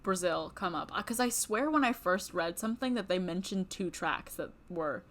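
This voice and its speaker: Rambling woman with a lively, lower voice. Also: moderate pace. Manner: rambling, hedging, lots of fillers. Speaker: podcast co-host. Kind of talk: casual chat.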